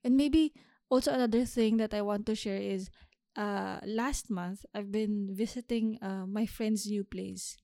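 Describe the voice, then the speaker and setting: A young woman hosting a solo podcast, talking through her thoughts in a reflective, unhurried way with small restarts. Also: medium pitch, fairly even intonation, mellow. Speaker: podcast host.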